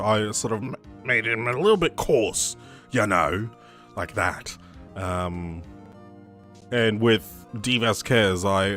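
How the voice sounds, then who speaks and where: A man's voice: on the low side, a bit bright. A young Australian man chatting casually as a gaming streamer, rambling and correcting himself as he reads the game aloud. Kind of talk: let's play commentary, reading the game aloud.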